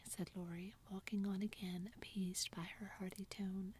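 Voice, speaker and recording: A woman narrating a classic novel entirely in a soft whisper, as whispered role-play. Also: medium pitch, level tone, moderate pace, few pauses, slight background noise. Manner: soft unvoiced whisper throughout.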